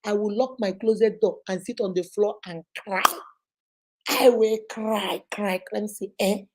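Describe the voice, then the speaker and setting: With an unhurried, mid-range voice and a little hiss or hum in the background, a middle-aged woman with a Nigerian accent hosts a casual live Q&A. Lively and quick to laugh, she shares stories and mixes in pidgin.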